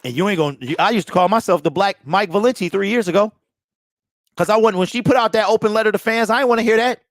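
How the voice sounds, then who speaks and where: A man's voice: high voice, fast talker, no echo, studio quality. A man hosting a postgame fan call-in show, ranting in a heated, exasperated way and repeating himself.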